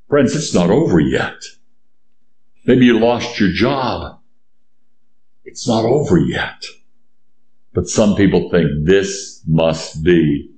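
A man preaching a sermon and reading scripture aloud. He is emphatic, repeats key phrases, and drops low and slow for weight. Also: a little mellow, reverberant, a little hiss or hum.

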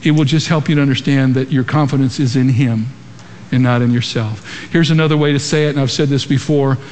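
A man's voice: mid-range voice, steady tone, fairly quick, a little mellow. A man preaching a sermon to a congregation in a large church, using emphatic rhetorical questions. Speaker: pastor. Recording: long reverb of a large hall.

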